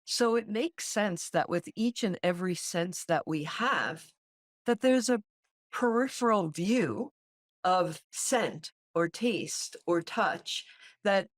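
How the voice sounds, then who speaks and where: A woman co-hosting a podcast, talking in a slow, thoughtful way and searching for her words as she reflects. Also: fairly low pitch, no echo, studio quality. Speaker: podcast co-host. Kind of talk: reflective casual conversation.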